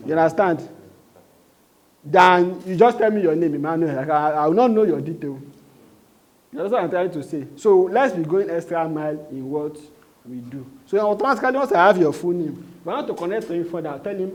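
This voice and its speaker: A man's voice: on the high side, lively intonation, fairly quick. Nigerian man coaching a sales team. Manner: quizzes the room, repeats points, slips into Pidgin. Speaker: sales trainer. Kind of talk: live training talk to a group.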